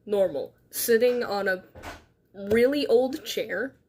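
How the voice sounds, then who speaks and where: A woman's voice: on the high side, takes it slowly, a little hiss or hum. A woman chatting casually on a livestream, rambling and giggling in a self-deprecating way, speaking from her bedroom into a phone on a tripod. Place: her bedroom, on a beanbag chair.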